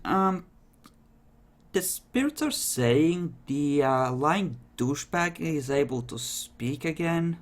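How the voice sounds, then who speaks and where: A man running a tabletop role-playing game as game master, slow and casual, laughing often and swearing lightly. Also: fairly high pitch, lively intonation.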